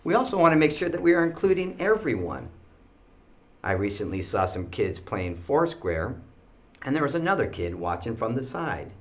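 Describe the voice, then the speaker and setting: A man teaching students school rules with animated storytelling, acting out the kids' voices. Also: mid-range voice, normal speed, slight background noise.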